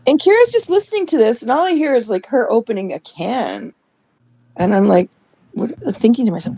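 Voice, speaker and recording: A woman's voice: fairly high pitch, very animated, normal speed, dark tone, low-quality recording. A young adult woman from Canada, co-hosting a podcast, telling a story in casual chat, acting out the voices she quotes and swearing freely. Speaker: podcast co-host.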